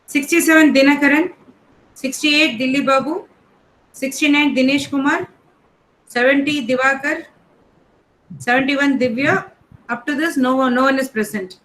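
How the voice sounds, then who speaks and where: A woman teacher, calling the roll in an online class in a brisk, matter-of-fact way. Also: high-pitched, fairly even intonation, a bit bright, rough recording. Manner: reads names one by one in a brisk, matter-of-fact way.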